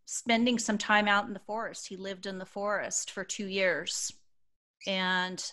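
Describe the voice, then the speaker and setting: A woman in her fifties speaking on a video call as an astrology panelist, soft-spoken and reflective, with many pauses and fillers. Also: medium pitch. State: emotional, choking up.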